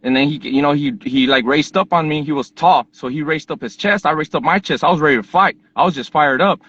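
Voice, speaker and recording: A man from Southern California, hosting a podcast, telling a personal story in a casual, animated, profane way. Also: a little high, fast talker, highs cut off. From Southern California, USA. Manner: animated, profane, fired-up retelling. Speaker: podcast host.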